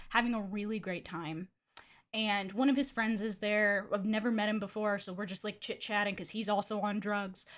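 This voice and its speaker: A young adult woman streamer telling a personal story in a candid, chatty way, swearing freely and filling with "like". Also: mid-range voice. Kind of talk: casual storytelling.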